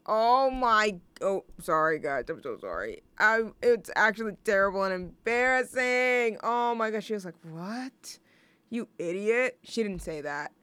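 A woman's voice: medium pitch, sing-song, moderate pace, hardly any pauses, fairly bright tone, clear, resonant tone, no room sound. A young woman hosting a student radio show, chatting casually between songs in a rambling, self-deprecating, jokey way. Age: young adult.

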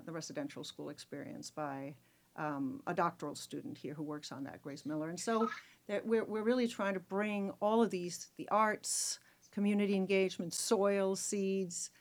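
A woman from Denmark, a radio guest promoting a festival, talking casually with many fillers and restarts. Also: fairly low pitch.

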